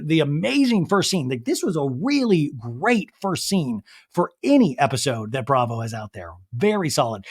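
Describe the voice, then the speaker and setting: A young man hosting a podcast, recapping reality TV in casual chat, animated and quick to quote people. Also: on the high side.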